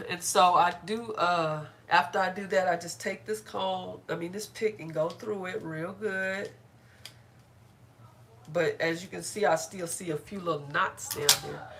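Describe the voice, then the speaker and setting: A woman's voice: fairly low pitch, unhurried, fairly bright tone, a little hiss or hum. A middle-aged woman chatting casually on a live stream while doing her hair, laughing often and greeting viewers by name.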